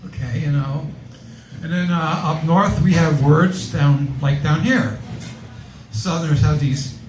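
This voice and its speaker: A man from Connecticut doing a stand-up comedy set, with a halting, filler-heavy delivery. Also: fairly high pitch, echoey room, a little hiss or hum, low-quality recording. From Connecticut, USA. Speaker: stand-up comic.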